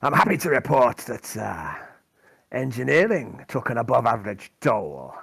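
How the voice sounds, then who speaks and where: A man doing a gruff Scottish veteran soldier. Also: mid-range voice, big pitch swings, moderate pace, fairly bright tone, full character voice. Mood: reporting. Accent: put-on Scottish. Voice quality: gravelly, crude and blunt. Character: grizzled male veteran interrogator, gruff soldier.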